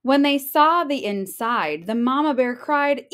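Teacher reading a storybook aloud, sing-song rhyming delivery, unhurried, lively pitch. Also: female voice, smooth.

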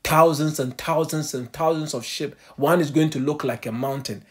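A man preaching a sermon with a husky, breathy edge to a fairly high voice. He addresses his listeners as family and answers his own rhetorical questions as he goes. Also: normal speed, a bit bright.

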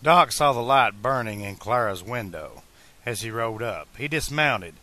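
A man narrating a fan-made audiobook in a slow, deliberate reading style. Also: medium pitch, pushed and bright.

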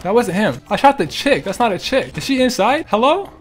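A man's voice: sits high, big pitch swings, brisk. A young man giving casual, joking commentary while he plays a game and talks to other players and viewers. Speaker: gaming streamer.

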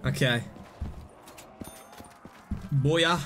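A young man streaming live gameplay commentary, rambling and mocking his own mistakes, now and then bursting out excitedly. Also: medium pitch, extremely slow, a little hiss or hum.

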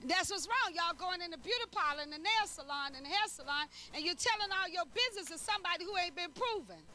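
A middle-aged woman preaching a sermon in a lively, conversational way, using everyday speech and acting out little dialogues. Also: very high voice, fast. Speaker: prophetess preaching.

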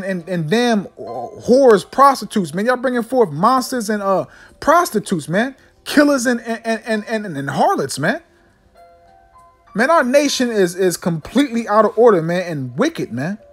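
A man preaching a fiery sermon, ending nearly every line with "man" and slowing down to read scripture solemnly. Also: sits high, sing-song, faint music behind. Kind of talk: fiery street-style sermon with scripture readings.

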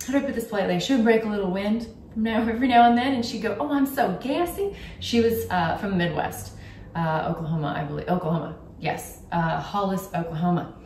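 A woman's voice: mid-range voice, fast talker, a little mellow, recorded from a distance, a little hiss or hum. A young woman vlogging casually about gift ideas, candid and chatty with frequent ums. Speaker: YouTuber. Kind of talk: casual gift-guide vlog. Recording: roomy echo, from off the mic.

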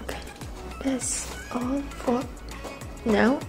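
A young woman from Malaysia chatting excitedly while unboxing albums in her vlog, gasping often and dropping into breathy whispers. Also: high voice, drawn-out words, over music, poor audio. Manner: gushing, gasping, with frequent breathy exclamations. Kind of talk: casual excited unboxing chat.

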